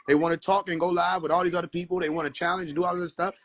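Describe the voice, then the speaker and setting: A man hosting a casual livestream, talking in an animated, preachy way and mocking people with laughs. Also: high voice, rapid-fire. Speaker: livestream host. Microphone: phone.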